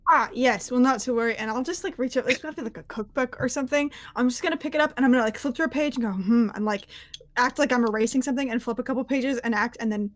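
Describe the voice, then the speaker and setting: Woman player chilling, kinda high voice, lots of likes. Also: fast. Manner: relaxed, describing actions with fillers. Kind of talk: casual tabletop game play.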